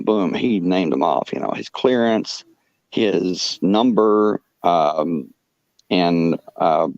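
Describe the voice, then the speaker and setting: A man with a very deep, low voice tells a personal story in a halting, rambling way. He is full of fillers and restarts. The recording is dry and close, with a dull, muffled lo-fi sound. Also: darkish tone, no echo. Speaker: podcast guest telling a personal story. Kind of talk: rambling first-person anecdote.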